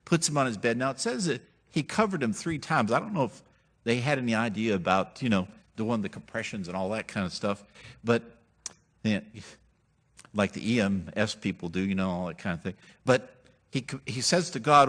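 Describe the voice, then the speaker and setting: A man delivering a sermon in a relaxed, conversational storytelling manner. His voice rises and falls a great deal as he acts out the people he quotes, with humorous asides throughout. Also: on the low side, moderate pace. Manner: animated, acts out quoted characters. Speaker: pastor.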